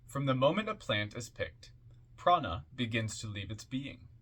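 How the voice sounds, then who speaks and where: A man reading passages from an occult book aloud in a measured, deliberate way, with offhand asides in between. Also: mid-range voice, very animated, a bit bright.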